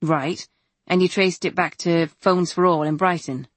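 A woman voicing an eager male detective who asks brisk, direct questions. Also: lowish voice, fairly even intonation, no echo.

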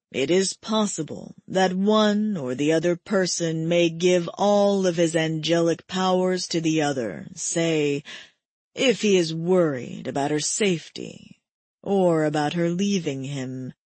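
A woman voicing a cruel, mocking male immortal villain with a breathy tone, speaking low and drawn-out. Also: darkish tone, no room sound, full character voice.

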